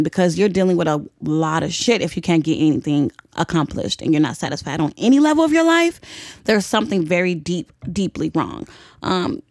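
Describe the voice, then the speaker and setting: A woman's voice: lowish voice, no room sound, clean studio sound. A young woman hosting a podcast, giving blunt, profane advice in casual chat and laughing often. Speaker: podcast host.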